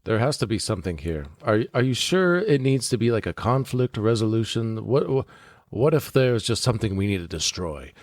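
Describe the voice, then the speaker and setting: A man playing a blunt adult male companion with a deadpan, casual delivery, in a tabletop role-play. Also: fairly low pitch, moderate pace, no echo, studio quality.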